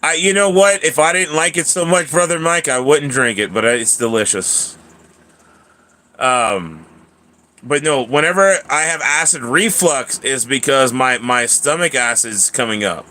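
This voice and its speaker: A man in his thirties talks casually on his livestream, rambling and chatty, often restarting his sentences. His voice sits at a middle pitch with a bright edge. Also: expressive, measured pace. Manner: rambling, chatty, answers viewers by name, frequent restarts and laughs. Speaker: livestream host.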